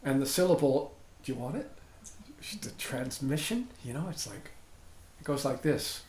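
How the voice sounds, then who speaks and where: Male dharma teacher, mid pitch, relaxed digressive lecture manner, roomy recording with faint noise. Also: normal speed. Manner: chatty, digressive, often asks "right?". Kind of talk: informal dharma talk.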